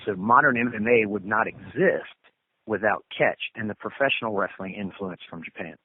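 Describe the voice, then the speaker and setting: Brief: earnest wrestling coach, lowish man's voice, dry tinny line, rambling with ums. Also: normal speed, husky, no room sound. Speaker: catch wrestling coach and guest. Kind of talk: conversational interview answers. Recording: tinny phone-line sound.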